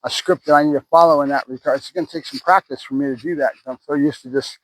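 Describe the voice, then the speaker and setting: Husky-voiced man training a puppy. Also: on the high side, steady tone, fast, dry recording, rough recording. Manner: talks to the camera between praise words to the puppy. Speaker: dog trainer. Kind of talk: casual training commentary to camera. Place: outdoors at a training area.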